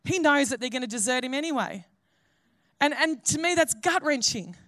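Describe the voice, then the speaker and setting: Earnest high-voiced woman pastor preaching. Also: lively intonation, normal speed, a bit bright, dry recording, studio quality. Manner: earnest, conversational preaching with restarts. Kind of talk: sermon.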